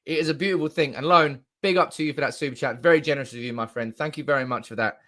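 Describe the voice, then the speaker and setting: A young man live streaming as a football fan, chatting excitedly, reading comments aloud and swearing with bursts of shouting, at a desk mic indoors. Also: a little high, racing.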